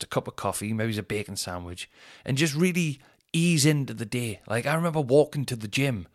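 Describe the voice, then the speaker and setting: A young man, a comedian hosting his podcast, rambling through a sweary, self-mocking monologue full of tangents. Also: mid-range voice.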